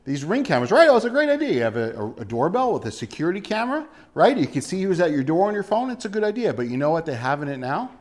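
A man preaching a sermon in a fairly high voice. He hammers his points with rhetorical questions and repeated words. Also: sing-song, fast talker, hardly any pauses, a little mellow. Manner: emphatic, full of rhetorical questions and repetition. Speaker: pastor.

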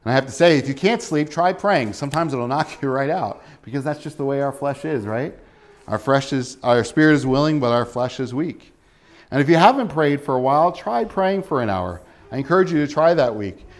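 A man's voice: medium pitch, lively intonation, fairly quick. A man in his thirties preaching a sermon in a conversational way, asking his listeners questions. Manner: conversational, asks the congregation questions. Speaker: pastor.

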